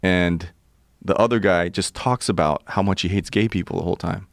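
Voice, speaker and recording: Low gravelly man telling a story. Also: moderate pace, no room sound. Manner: profane, animated retelling with acted quotes. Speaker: podcast guest. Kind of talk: casual storytelling. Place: podcast studio.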